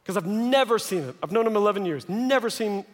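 High-voiced pastor in a reverberant hall. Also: male voice, a little fast. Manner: lively storytelling with joking asides. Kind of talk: sermon. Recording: long reverb of a large hall.

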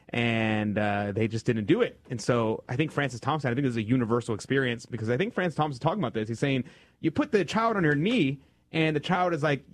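Relaxed male radio host, dry sound. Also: mid-range voice, brisk, dry recording. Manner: conversational, restarts and reads poetry aloud. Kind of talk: casual chat about faith and poetry. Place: radio studio.

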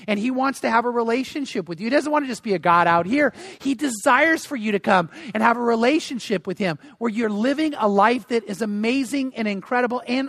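High-voiced older male pastor preaching. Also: a bit bright, no room sound, clean studio sound. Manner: earnest, emphatic, repeats words when stumbling. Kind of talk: sermon.

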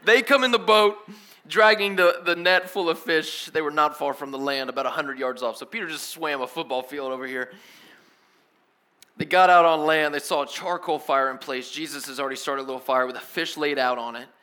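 A man preaching a sermon as a pastor, telling the story in a lively, casual way with slang. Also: a little high, fairly quick.

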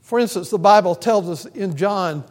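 A pastor preaching a sermon in an earnest way, swelling to emphatic peaks and often pausing with "uh". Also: male voice, high-pitched, in a large hall.

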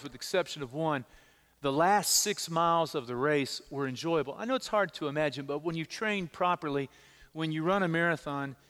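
A middle-aged male pastor preaching a sermon, telling personal stories in an animated way and repeating words as he stresses them. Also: fairly high pitch, long reverb tail. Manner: animated storytelling, repeats words when emphasizing.

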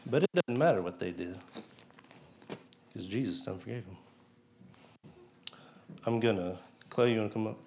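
A man's voice: lowish voice, moderate pace, long pauses, a little mellow, a little hiss or hum. A man giving a casual testimony at a church service, chatty and chuckling, often asking the crowd questions. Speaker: lay speaker giving a testimony. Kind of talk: informal church talk.

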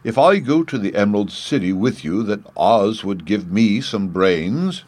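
A man voicing a gentle, friendly male scarecrow in a storybook, with a husky voice. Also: lowish voice, lively intonation, unhurried, no echo. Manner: friendly and confiding.

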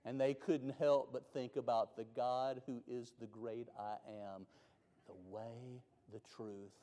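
A man preaching a sermon, moving between loud, rising climaxes and hushed, slow lines. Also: mid-range voice, fairly even intonation. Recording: long reverb of a large hall.

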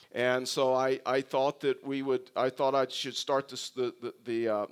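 A male pastor preaching a sermon, telling stories with humor and often restarting his sentences. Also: mid-range voice. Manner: humorous storytelling with frequent restarts.

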